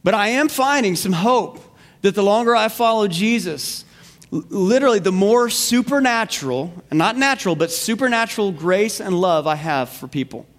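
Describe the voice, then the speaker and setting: A male pastor with a high voice preaches with animation, throwing questions to the congregation and repeating his key lines. His words carry through a long reverb in a church sanctuary. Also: animated, normal speed. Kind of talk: sermon.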